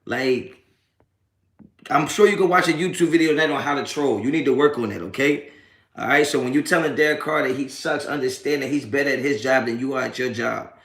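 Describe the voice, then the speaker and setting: Profane streamer in an echoey room. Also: male voice, medium pitch, quick pace, a bit bright. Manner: profane, mocking trolls in chat, laughing often. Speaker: sports reaction streamer. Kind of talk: live post-game stream chat.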